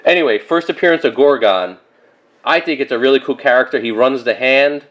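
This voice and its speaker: A man in his thirties talking casually and rambling through a comic book haul, with lots of fillers and animated asides. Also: mid-range voice, a little fast. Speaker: comic collector vlogger.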